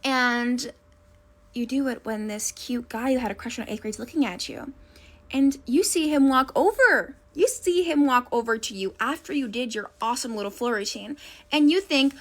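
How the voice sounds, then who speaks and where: A young woman telling a school story in a casual, animated way, addressing the listener as "you". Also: fairly high pitch, normal speed. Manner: animated second-person storytelling.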